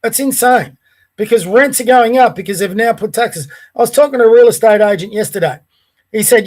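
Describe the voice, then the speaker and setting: A man's voice: sits high, brisk, darkish tone. An Australian man hosting a podcast, delivering a heated, blunt political rant full of swearing. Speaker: podcast host.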